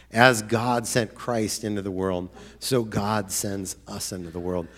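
Guy preaching a sermon, lowish voice, chatty and earnest, gets all excited at times. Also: unhurried, few pauses. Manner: earnest, conversational, with sudden excited outbursts.

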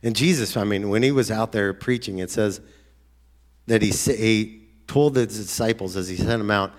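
A man preaching a sermon in an earnest, conversational way, now and then breaking into excited outbursts. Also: on the low side, moderate pace.

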